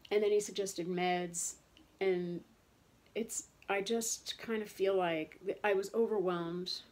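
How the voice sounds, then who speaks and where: A woman in her thirties with a low, gravelly voice speaks in a casual, rambling monologue, full of fillers and restarts. Her talk is candid and frustrated, and she loops back over the same point as she goes. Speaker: vlogger talking about chronic pain.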